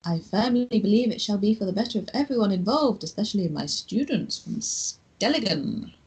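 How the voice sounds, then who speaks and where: A husky, earnest German activist blogger from a video game, as a woman reads him out. The accent comes and goes as she reads with halting, measured care. The voice stays low and grainy throughout. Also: lively intonation, darkish tone, rough recording.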